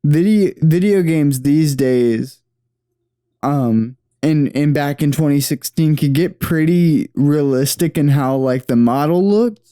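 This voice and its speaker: Rambling young guy, mellow voice. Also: fairly high pitch, slow, clean tone, no echo, clean studio sound. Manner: rambling, lots of fillers and restarts. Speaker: podcast co-host. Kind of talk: casual movie watch-along chat.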